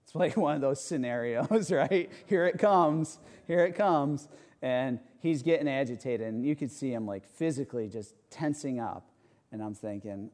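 Warm-voiced pastor telling a story. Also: male voice, mid-range voice, moderate pace. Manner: animated storytelling, rhetorical asides. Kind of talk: conversational sermon with personal story.

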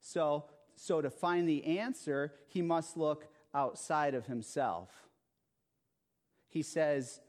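Slow, emphatic male preacher. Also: fairly high pitch, a little mellow. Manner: slow, emphatic, repeats phrases with frequent "okay?" and "right?". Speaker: pastor. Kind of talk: sermon.

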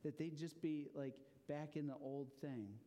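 Male preacher, storytelling sermon: playful and chatty, mellow slightly high voice, long hall reverb. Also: measured pace. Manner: playful, conversational, rhetorical check-ins.

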